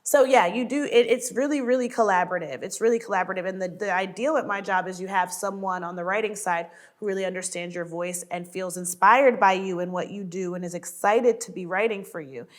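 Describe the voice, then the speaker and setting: A woman's voice: medium pitch, a little fast, few pauses. A woman comedian chatting in an interview. She tells stories animatedly, acts out quotes, and laughs often. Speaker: sketch comedy cast member. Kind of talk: casual interview chat.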